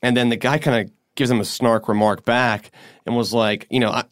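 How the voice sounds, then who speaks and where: A man's voice: mid-range voice, a little fast, dry recording, clean studio sound. A man co-hosting a podcast, casually retelling a strange story and acting out the quotes. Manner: animated retelling, acts out quotes. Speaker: podcast co-host.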